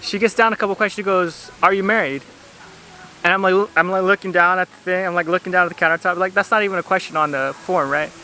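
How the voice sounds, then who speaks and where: A man's voice: high voice, fairly even intonation, fast talker, hardly any pauses, sharp tone, slight background noise. A man vlogging outdoors at a beach, telling a travel story in a chatty, rambling way with lots of "like". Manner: chatty, rambling, heavy use of "like". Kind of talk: casual storytelling to camera.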